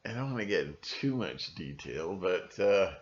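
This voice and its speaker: Low-voiced man rambling on a dull recording. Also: big pitch swings, moderate pace. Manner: rambling, breaks into mimicking voices. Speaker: video channel host. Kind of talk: casual monologue to camera.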